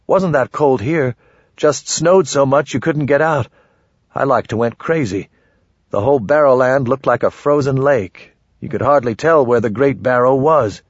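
A man's voice: medium pitch, moderate pace, husky, dry recording, voice pushed up, close to an everyday voice. A man voicing a chatty, plain-spoken rural guard with folksy backcountry grammar, on a dull lo-fi audiobook recording.

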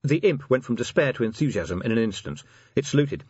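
A man's voice: medium pitch, expressive, fairly quick, darkish tone, husky, no echo, lo-fi sound. A man narrating an audiobook expressively, giving each character a voice.

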